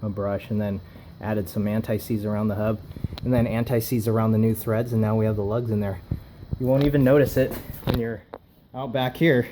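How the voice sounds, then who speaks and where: A man's voice: on the low side, level tone, a little fast, warm tone, a little hiss or hum. A man casually narrating his own car work, rambling with fillers and self-corrections, filmed on a camera mic in a garage.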